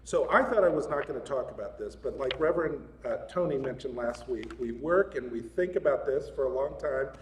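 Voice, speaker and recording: A man's voice: mid-range voice, lively intonation, fairly quick, hardly any pauses. Chatty male preacher in an echoey hall. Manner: chatty, laughs often. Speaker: guest speaker at a spiritual center. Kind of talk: casual, joking sermon. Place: large hall of a spiritual center. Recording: echoey hall, mic at a distance, faint room noise.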